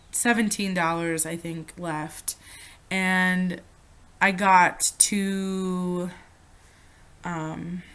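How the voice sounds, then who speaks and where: A woman's voice: lowish voice, fairly bright tone. A young woman chatting through a storytime vlog, swearing freely and losing her train of thought. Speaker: vlogger.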